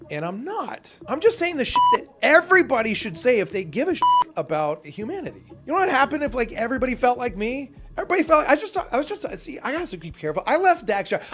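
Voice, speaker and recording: Heated, profane man ranting. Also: very high voice. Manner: heated, profane, swings between quiet asides and shouting. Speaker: podcast guest. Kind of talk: impassioned interview rant.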